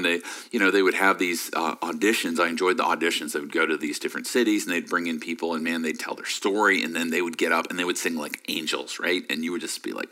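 A man's voice: sits low, sharp tone. A middle-aged man preaching a sermon in a conversational way, often checking in with "right?". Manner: conversational, full of "you know" and "right?". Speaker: pastor.

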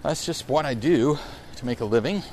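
A man's voice: mid-range voice, lively intonation, moderate pace, a little mellow, a little hiss or hum. A man in his late forties hosting a casual solo podcast outdoors while riding through a park, talking in a rambling, reflective way that keeps correcting itself. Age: 40s. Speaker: podcast host.

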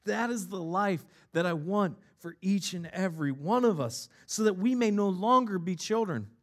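High-voiced man preaching a relaxed sermon. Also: normal speed. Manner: conversational preaching with personal stories and playful asides. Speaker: pastor.

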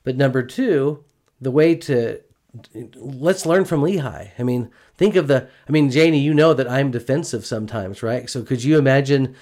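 A man's voice: medium pitch, normal speed, a little mellow. A middle-aged man co-hosting a casual gospel discussion about marriage, earnest and chatty, often checking in with "right?". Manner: earnest, chatty, frequent "you know" and "right?". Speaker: podcast co-host.

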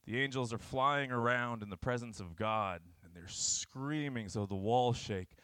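A young man giving an informal, earnest sermon that retells scripture. He swings between sudden shouted bursts and low, quiet passages. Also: measured pace, hardly any pauses, smooth, dry recording.

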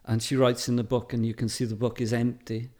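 A middle-aged Welsh man talks at an easy, storytelling pace. He fills his sentences with ums and little laughs and sounds relaxed and conversational. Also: mid-range voice, fairly quick. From Wales. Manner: chatty, anecdotal, laughs often, many fillers. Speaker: photographer guest. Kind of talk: casual interview chat.

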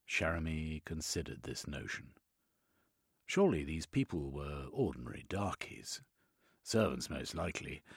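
A man's voice: sits low, slightly rough, dry recording. A man narrating a story in a dry, mock-formal manner.

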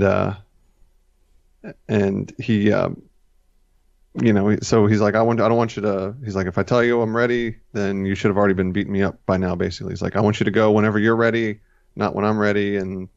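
A man's voice: fairly low pitch, flat delivery, a little fast, gravelly, dry recording. A man co-hosting a casual chat, rambling and correcting himself as he retells scenes. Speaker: podcast co-host. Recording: dull, lo-fi dry recording.

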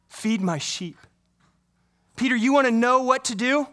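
High-voiced man preaching with animated delivery. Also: a little slow. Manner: animated preaching, acts out dialogue, asks the congregation questions. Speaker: pastor. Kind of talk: sermon.

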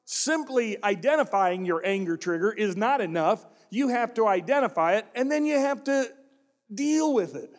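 A pastor speaking at normal speed delivers an animated sermon in a church sanctuary, his voice high for a man and each phrase followed by a long reverb. He is emphatic and direct, restating his main points and asking the congregation rhetorical questions.

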